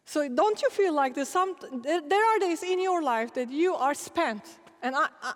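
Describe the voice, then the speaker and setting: A middle-aged woman preacher telling animated, laughing stories in a sermon. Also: high voice, moderate pace, hardly any pauses. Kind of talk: storytelling sermon. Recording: long hall reverb.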